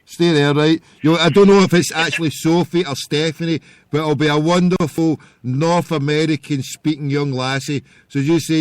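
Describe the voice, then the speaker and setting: Man, Glaswegian accent, rowdy, swearing, laughing, slightly high voice, dry close sound. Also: fairly even intonation, moderate pace, no room sound. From Scotland. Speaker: show host. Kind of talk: crude casual call-in chat.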